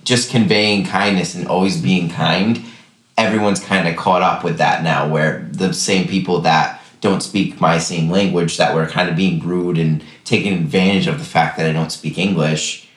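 A man's voice: low voice, fairly even intonation, moderate pace, fairly bright tone. A man co-hosting a podcast, chatting casually in a loose, rambling way. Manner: rambling, loose with many "like" and "kinda". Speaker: podcast co-host. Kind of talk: casual chat. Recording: roomy echo.

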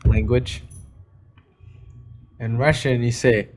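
Slow-talking rowdy, foul-mouthed podcast man. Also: medium pitch, little pitch movement. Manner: rowdy, loud, profane joking. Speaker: podcast co-host. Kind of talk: casual chat.

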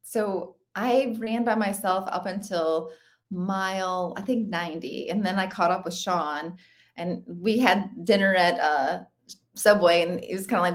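Interview guest: woman, 30s, mid voice, rambling and warm-hearted chat, frequent laughs. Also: mid-range voice, moderate pace. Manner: chatty, many "like" fillers, laughs often. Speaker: interview guest, ultra runner. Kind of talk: casual conversational interview.

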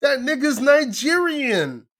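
A man hosting a casual chat with a friend, talking loud, profane and animated, often laughing. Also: very high-pitched, takes it slowly. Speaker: podcast host.

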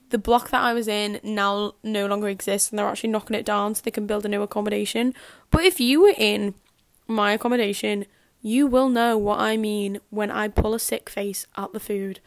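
A woman's voice: mid-range voice, steady tone, fairly quick, dry recording, clean studio sound. A young woman with a Scouse accent, rambling in a casual podcast chat full of fillers. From Liverpool area. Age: young adult. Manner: rambling, filler-heavy, chatty. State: dry throat. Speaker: podcast host.

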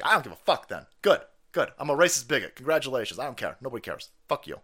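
A man's voice: medium pitch, sing-song, fast talker, hardly any pauses, breathy edge. Profane, mocking male stream host. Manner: profane, mocking, loud outbursts. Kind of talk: livestream commentary rant.

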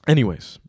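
A young podcast host with a darkish-toned voice tells a long, loose story, swearing freely and using heavy slang in a laid-back manner. The studio-quality recording has no room sound.

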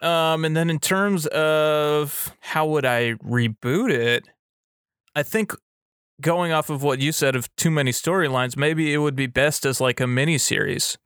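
A man co-hosting a podcast in casual chat, thoughtful and measured, with lots of fillers. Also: on the high side, a bit bright, clear, resonant tone, no echo, studio quality. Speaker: podcast co-host.

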